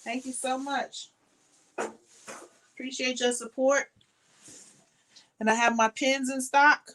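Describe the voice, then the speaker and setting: A woman's voice: sits high, fairly even intonation, slow pace, a bit bright, low-quality recording. A tired woman hosting a casual crochet live stream, chatting in a rambling way and thanking viewers by name.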